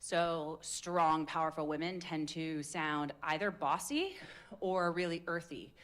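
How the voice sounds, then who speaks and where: A woman's voice: deep voice, unhurried, a bit bright. A woman coaching a live public speaking workshop, talking in an upbeat, casual, demonstrative way into a handheld mic. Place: indoor meetup room with a group. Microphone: handheld microphone.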